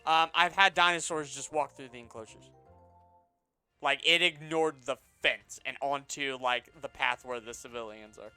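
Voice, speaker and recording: Bright clear-voiced guy streaming games, laughs a ton, animated stories, faint music behind. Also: mid-range voice, moderate pace. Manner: laughs often, animated storytelling. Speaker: co-host of a gaming stream. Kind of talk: casual chat while gaming.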